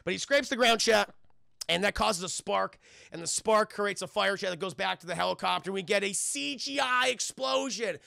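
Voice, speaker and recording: A man streaming a profane, excitable spoiler film review, often laughing and talking to his chat. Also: high-pitched, fairly quick, vocal fry, dry recording, clean studio sound.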